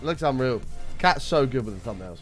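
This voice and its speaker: A young man hosting a casual gaming live stream, greeting viewers by name and chatting with excitable bursts, his voice slightly rough. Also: medium pitch, moderate pace, faint music behind.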